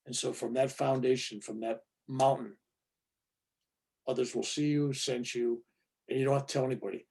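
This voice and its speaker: Gravelly, husky-voiced male reverend. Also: medium pitch, normal speed. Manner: animated, acts out quoted voices. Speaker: reverend answering a question. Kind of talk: informal spiritual talk.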